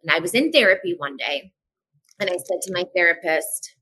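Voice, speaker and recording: A woman guest on a podcast, telling a personal story in a frank, animated way and acting out the dialogue. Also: lowish voice, husky, low-quality recording. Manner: animated, acts out dialogue in quick voices; frank, swears casually. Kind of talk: candid personal storytelling in a casual podcast chat.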